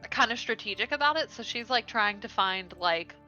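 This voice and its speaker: A female player explains her move hesitantly, with many fillers. Her voice is bright and sharp. The audio sounds dull and lo-fi, with faint music. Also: fairly high pitch, animated, normal speed. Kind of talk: casual game chat.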